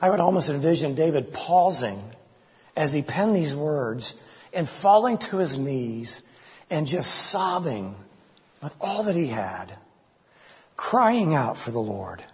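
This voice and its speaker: A man preaches an expository sermon with impassioned delivery, giving voice to the psalmist's pleas with rising intensity. His voice is husky and on the high side, very animated yet slow in pace. The lo-fi recording carries a long hall reverb.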